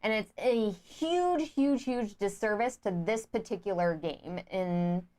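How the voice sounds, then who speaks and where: A woman's voice: medium pitch, slow pace, darkish tone. A woman co-hosting a board game review show, talking with enthusiastic emphasis. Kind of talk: casual chat.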